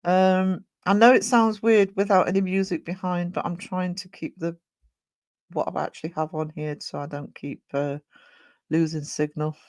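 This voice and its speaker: A live streamer chatting casually with viewers, croaky from a sore throat, rambling with many ums. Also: mid-range voice, steady tone, moderate pace, darkish tone, no room sound.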